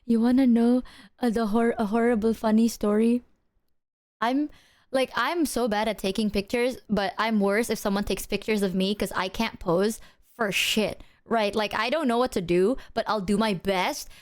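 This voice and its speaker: A young adult woman streamer chatting casually, animated and giggly, swearing freely as she tells stories. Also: fairly high pitch, normal speed. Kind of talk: casual chat.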